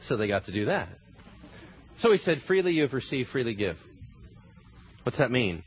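A man's voice: medium pitch, very animated, normal speed. A man preaching a sermon with lots of energy, acting out scenes in funny voices. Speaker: pastor. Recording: slightly dull sound with faint ambient noise.

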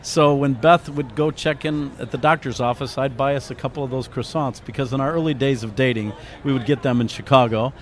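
Talking a little fast with few pauses and a steady, medium-pitched voice, a middle-aged man appears on a faith radio interview. The author and ministry founder tells an earnest, reflective personal story from the heart.

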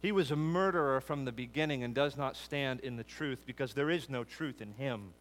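A man preaching an expository sermon, building emphatic lists that rise and then drop low. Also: normal speed. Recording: long hall reverb.

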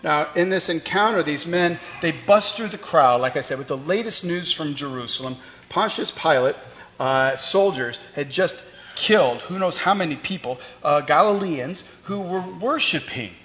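A man's voice: fairly high pitch, expressive, moderate pace, fairly bright tone. Man preaching in a reverberant hall. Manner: conversational preaching with fillers and restarts. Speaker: pastor. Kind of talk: sermon. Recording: long reverb, faint ambient noise.

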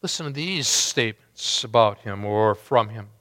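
A pastor preaching a sermon with dramatic rising and falling delivery, in a large church hall. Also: male voice, fairly low pitch, animated, normal speed, bright, forceful tone. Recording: long hall reverb.

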